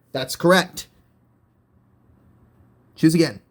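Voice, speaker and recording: A man's voice: a little high, animated, moderate pace, darkish tone. Playful man hosting a quiz show. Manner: playful, teasing host patter. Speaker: game show host. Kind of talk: homemade game show parody.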